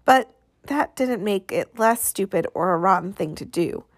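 A woman reads a novel aloud in an expressive storytelling manner, acting out the characters as she goes. Her voice sits at a middle pitch, recorded close and dry. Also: a little slow, no echo. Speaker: audiobook narrator. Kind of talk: scripted narration.

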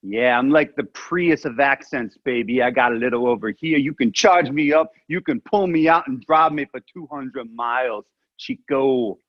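A man's voice: mid-range voice, normal speed, few pauses, dry recording, dull audio, close to an everyday voice. A man putting on a brash tough-guy voice with a blended Italian, Cuban and Brooklyn accent and a cocky, drawling delivery. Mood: swaggering.

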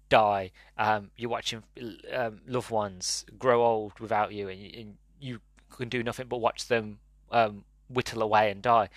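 A man's voice: fairly low pitch, a bit bright, no room sound. A man giving an earnest, emotional review, often restarting his sentences, his voice wavering as if close to tears.

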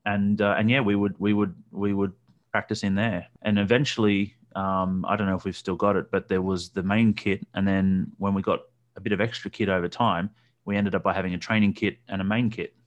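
A man hosting a casual interview, recalling details at length with many pauses and ums. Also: lowish voice, level tone, muffled recording.

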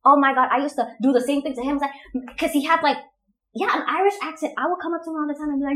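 A woman talks in a loose, chatty way, full of fillers and quick bursts of laughter. Her voice sits a little high and rings out in a roomy, echoing space. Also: fairly bright tone. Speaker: podcast co-host. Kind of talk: casual chat.

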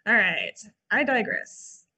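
A woman library staffer co-hosting a casual podcast, reading event listings and adding quick asides. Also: mid-range voice, wildly swooping pitch, creaky, pushed and bright, breathy edge. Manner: chatty, reads listings then adds quick asides. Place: old brick library building.

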